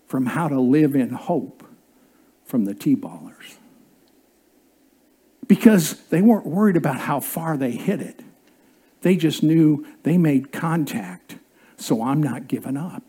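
A preacher giving a sermon and telling a humorous story in an animated way, chuckling along, then dropping low and quiet for the serious points. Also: slightly rough.

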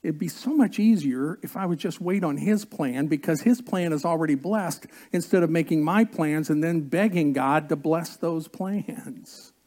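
A man preaching a sermon as pastor, slow and earnest, drawing out key words and coaxing the congregation to join in. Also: a little high, dark tone.

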